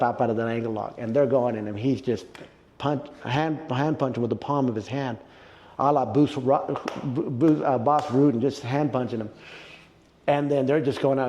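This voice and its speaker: A man in a casual interview, telling a story with animated retelling and quoted reactions. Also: medium pitch, in a large hall. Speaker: interview guest, jiu-jitsu black belt.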